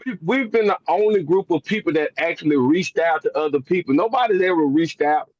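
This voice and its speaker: A man's voice: fairly high pitch, lively intonation, fairly quick, no echo, muffled recording. A man calling in from inside his truck, talking earnestly and often stammering and repeating words. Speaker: call participant. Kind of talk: casual call-in talk. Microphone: online call.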